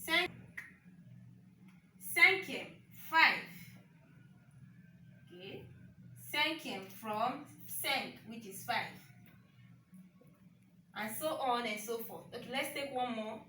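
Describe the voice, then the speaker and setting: Woman teacher, bright voice, patient and repetitive, frequent "okay?" check-ins, recorded at a distance. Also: a little high, animated, slow, long pauses, roomy sound, a little hiss or hum. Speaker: French teacher. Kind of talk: online language lesson.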